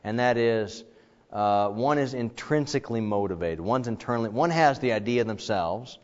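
A man's voice: medium pitch, moderate pace. Man teaching a Bible class in a reverberant room. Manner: casual, animated, acts out quoted dialogue. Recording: dull lo-fi sound with long reverb.

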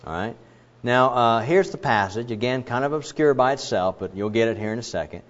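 A man's voice: medium pitch, fairly quick. A man preaching a sermon, explaining scripture in an emphatic way and putting questions to his listeners. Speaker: pastor. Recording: dull lo-fi sermon recording.

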